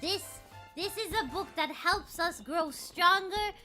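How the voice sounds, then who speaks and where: A woman streaming a video game, chatting casually with a very high, cutesy voice, excitable and playful, breaking into squeals and mock-dramatic lines. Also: takes it slowly. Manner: excitable, squeals and bursts of loud shouting. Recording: faint music behind the voice.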